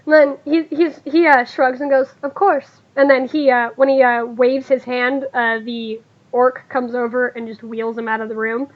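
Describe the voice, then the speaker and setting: Woman gm narrating, high voice, lots of ums. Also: little pitch movement, dull audio. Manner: halting, with many fillers. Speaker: game master. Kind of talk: narrating a tabletop game.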